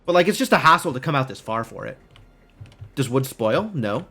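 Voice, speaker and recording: Animated man musing over his game. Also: medium pitch, brisk, gravelly, soft background music. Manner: thinking aloud, rambling with lots of "like"; puzzled musing questions to himself. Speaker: game streamer. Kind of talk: casual live gameplay commentary.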